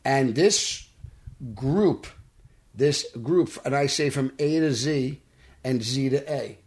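A man's voice: mid-range voice, takes it slowly, darkish tone. A man from Brooklyn, a guest actor on a studio podcast who tells his stories earnestly and acts out the quotes. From Brooklyn, New York. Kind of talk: casual podcast interview.

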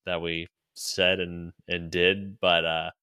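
A young man chatting casually, telling a story with lots of swearing and quick impressions of people he quotes. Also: low-pitched, little pitch movement, pushed and bright, clear, resonant tone. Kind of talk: casual podcast chat.

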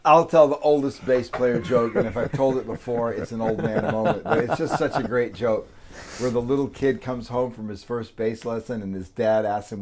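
A man casually telling musician jokes in an animated storytelling manner, chuckling along. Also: medium pitch, moderate pace.

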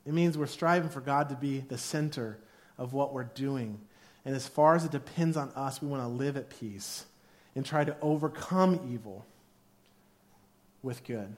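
A man's voice: medium pitch, moderate pace. A man preaching a sermon, in a casual, jokey way, who acts out quoted arguments in a raised voice. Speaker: pastor.

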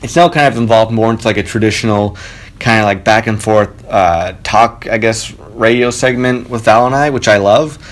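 A man hosting his own podcast from a home studio, telling a story casually, animated and swearing freely. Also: fairly low pitch, moderate pace. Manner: animated, swearing, quotes people with raised voice. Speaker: podcast host. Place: spare bedroom home studio. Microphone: home studio mic.

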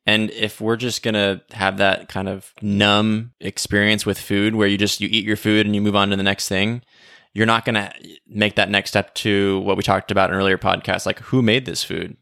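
A man with a low, gravelly voice co-hosts a podcast in easy conversational talk. He leans on "like" and "right?" as he explains his ideas. The sound is dry and close-miked. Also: little pitch movement, moderate pace, pushed and bright, dry recording. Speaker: podcast co-host. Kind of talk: casual faith discussion.

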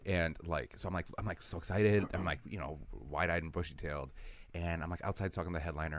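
A man's voice: deep voice, fast. A man from Wisconsin, a comedian, telling stories in casual chat and acting out what people said. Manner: animated storyteller, acts out quotes. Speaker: comedian, podcast co-host.

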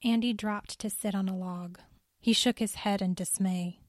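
A woman telling a story in calm, measured scripted narration. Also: medium pitch, no room sound, studio quality.

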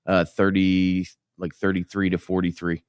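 Deep flat-voiced man. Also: moderate pace, clear, resonant tone. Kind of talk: casual interview chat.

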